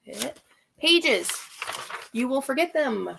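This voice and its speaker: Gravelly, bright-toned woman hosting a live chat. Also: high voice, animated, normal speed, pauses often, slight background noise. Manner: chatty, practical, repeats points for emphasis. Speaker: channel host.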